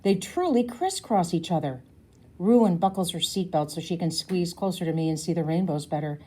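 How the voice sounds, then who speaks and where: A woman's voice: lowish voice, lively intonation, a little fast, dark tone. A woman reading a children's novel aloud, stopping now and then to explain words to young listeners. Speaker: storybook reader.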